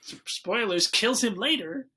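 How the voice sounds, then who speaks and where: A man's voice: high-pitched, lively intonation, measured pace, bright, forceful tone, husky. A man hosting a casual movie-review podcast, loosely recapping the plot with fillers and asides. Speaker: podcast host.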